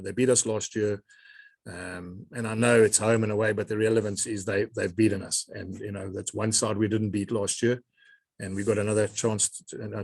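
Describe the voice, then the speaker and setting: Low-voiced coach at a press conference. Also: male voice, breathy edge, dry recording. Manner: measured, repeats words as he searches for them.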